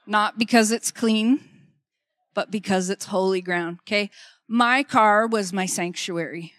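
A woman's voice: mid-range voice, dry recording, studio quality. A middle-aged woman preaching a conversational sermon. She speaks emphatically, repeats her key phrases and keeps checking in with "okay?".

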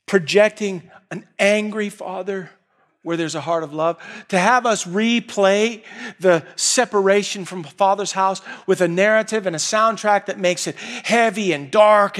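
A man with a rather high voice delivers a sermon. He tells the story dynamically, sometimes hushed and intimate, sometimes loud and urgent. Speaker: preacher.

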